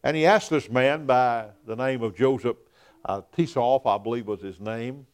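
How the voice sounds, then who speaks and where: A man's voice: mid-range voice, moderate pace, clear, resonant tone. Folksy, emphatic male preacher. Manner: folksy storyteller, emphatic, rising to loud peaks. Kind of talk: sermon.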